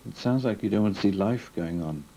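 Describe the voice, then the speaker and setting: A male documentary interviewer with a very low, warm voice, asking pointed questions in a direct, steady way. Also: a little fast, rough recording.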